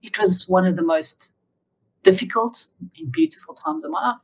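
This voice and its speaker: A woman telling her personal testimony as an interview guest, in an emotional, animated way. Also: medium pitch, moderate pace, gravelly, husky, rough recording.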